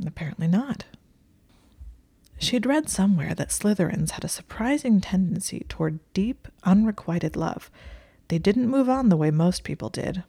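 A woman's voice: mid-range voice, expressive, moderate pace, creaky, dark tone, husky. A woman narrating a story in a dry, wry way.

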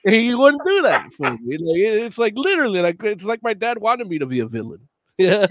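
Late-30s male podcast co-host, high-pitched, profane and animated, dry close mic. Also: fairly quick, dry recording. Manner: profane, animated, laughs often. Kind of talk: casual chat.

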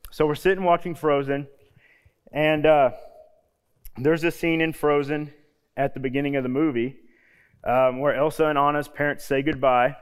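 A man in his thirties, a youth pastor, preaching a casual sermon with homey stories and quiet, low emphasis on key points. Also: smooth. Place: church hall. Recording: long hall reverb.

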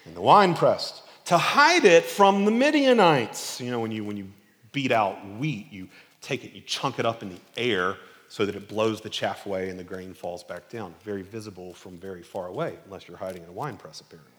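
A male preacher giving an expository sermon in an animated, conversational, emphatic way. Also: sits low, a little fast, big-room sound.

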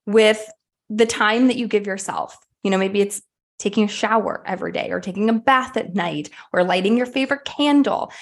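Woman podcast host, mid-range voice, upbeat and candid, bit of casual swearing, talking from home. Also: medium pitch. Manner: candid, energetic, casually profane. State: sweaty and a bit winded. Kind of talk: motivational podcast monologue. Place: at home, puppy in the room.

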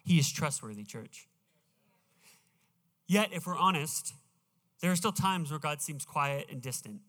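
A man's voice: fairly high pitch, expressive, fairly bright tone. Earnest preacher man in an echoing church. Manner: earnest, slows down to read scripture emphatically. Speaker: pastor. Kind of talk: sermon. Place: church sanctuary. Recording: reverberant church hall.

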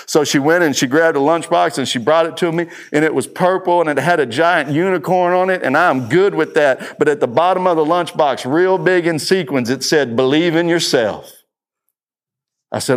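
A man's voice: a little high, brisk. A middle-aged man giving a conference talk, telling stories and repeating key lines for emphasis. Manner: storytelling, emphatic repetition. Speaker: speaker. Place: conference room.

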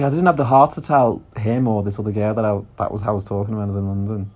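Chatty Scouse man, lowish voice. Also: steady tone, quick pace, few pauses, a little mellow. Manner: chatty, laughs often, swears casually. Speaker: podcast host. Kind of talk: casual storytelling monologue.

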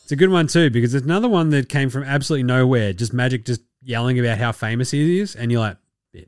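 An Australian man hosting a sports podcast, talking in a profane, joking, excitable way. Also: mid-range voice, quick pace, no room sound, clean studio sound, soft background music. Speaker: podcast host. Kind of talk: casual sports commentary.

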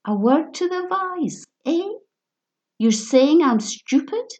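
A woman's voice: high voice, animated, takes it slowly, a little mellow, voice pushed up. Woman putting on a jeering drunken bully. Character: drunken male bully, harsh and menacing.

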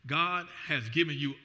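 A man preaching with a high, very bright and ringing voice, rising to shouts and falling to near murmurs. The sound carries a long reverb from a large church hall. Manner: animated preaching, voice swelling and dropping. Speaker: pastor. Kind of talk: sermon.

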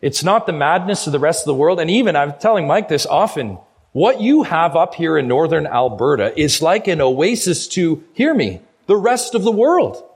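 A middle-aged Canadian guest pastor preaches a sermon in a slightly raised, husky voice at a moderate pace. Very animated, earnest, and urging, he stretches out key phrases for weight.

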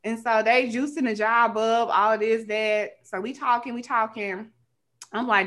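Young woman podcast host, high and bright, animated storytelling rant. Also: measured pace. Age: young adult. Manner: animated, colloquial, acts out dialogue.

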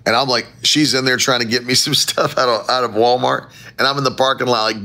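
A man preaching a sermon as pastor, with animated, emphatic rising phrases and a gravelly voice. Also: mid-range voice, fairly quick.

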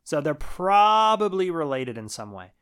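A man co-hosting a podcast, casually recapping a movie with a laid-back manner, swearing now and then and trailing off quietly. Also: on the high side, very animated, measured pace, clear, resonant tone. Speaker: podcast co-host.

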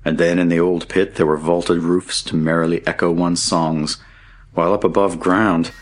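A man's voice: sits low, little pitch movement, moderate pace, natural voice. A man reading an audiobook, voicing a cheerful young male Scottish miner turned farmhand in a hearty, merry way. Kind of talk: audiobook character voice.

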